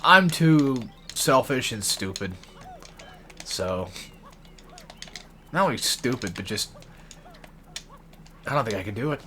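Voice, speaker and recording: A young man talks over his gameplay in a loose, rambling way. He rants and swears freely, drifting between complaints and the game in front of him. His voice sits at an ordinary middle pitch. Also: animated, slow, long pauses, bright, forceful tone, slight background noise. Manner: profane, ranting, frequent swearing. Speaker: let's play gamer.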